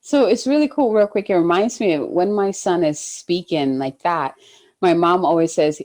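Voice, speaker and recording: A woman with a lowish voice at normal speed hosts a casual podcast interview. Warmly affirming, she agrees often and asks open questions.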